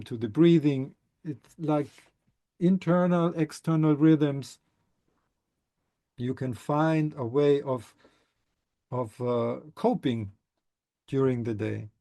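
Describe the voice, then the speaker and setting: Slow, mellow-voiced man explaining thoughtfully. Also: a little high. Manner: halting, thoughtful, frequent restarts. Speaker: somatic movement teacher. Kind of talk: explanatory talk answering a question.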